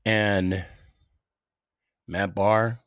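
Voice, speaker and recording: A middle-aged man hosting a casual solo podcast, telling stories with dramatic pauses. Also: on the low side, smooth, no room sound, clean studio sound. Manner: animated storyteller with dramatic pauses. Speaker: podcast host.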